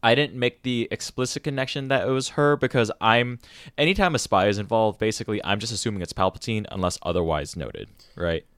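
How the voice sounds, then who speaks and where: A man co-hosting a podcast, chatting casually in a rambling, hesitant way and slipping into quick impressions. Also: lowish voice, fairly bright tone, clean tone, dry recording, studio quality. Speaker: podcast co-host. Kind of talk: casual chat.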